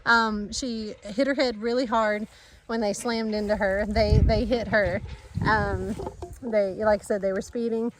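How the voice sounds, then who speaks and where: Woman in her 30s, chatty farm vlogger, rambling outdoor talk, quick to laugh. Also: mid-range voice, fairly even intonation, a little hiss or hum, rough recording. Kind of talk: casual chat to camera. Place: outdoors in a garden yard.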